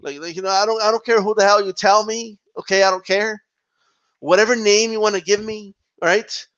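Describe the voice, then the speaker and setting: A boxing channel host delivering an emphatic opinion rant, repeating himself and tossing in rhetorical asides. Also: male voice, sits high, fairly even intonation, a little fast, fairly bright tone, lo-fi sound.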